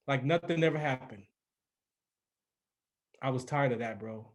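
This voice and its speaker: The man, a radio personality in his forties from California, speaks with a medium pitch, a little slowly, pausing often. As a podcast guest he tells a personal story in relaxed conversation, earnest and emphatic, and acts out quoted voices.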